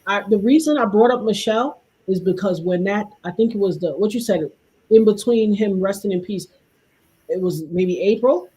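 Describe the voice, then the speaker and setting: A woman's voice: mid-range voice, normal speed, dark tone. A woman in casual talk-show chat, telling stories animatedly and acting out the quoted dialogue.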